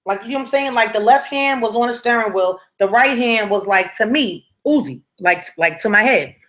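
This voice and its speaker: A woman's voice: on the high side, moderate pace, a bit bright. A young woman telling a dramatic story from her past to her viewers in a casual, conversational way, often checking in with "right?" and "you feel me". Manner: dramatic and conversational, with frequent tag questions to the viewer. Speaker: storytime vlogger.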